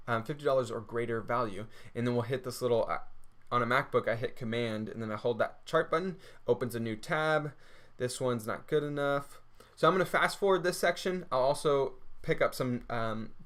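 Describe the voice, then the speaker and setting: A man's voice: mid-range voice, a bit bright. Upbeat Texan man teaching trading. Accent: Texas. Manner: upbeat, rhetorical questions answered himself. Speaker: trading course presenter. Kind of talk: screen-share tutorial.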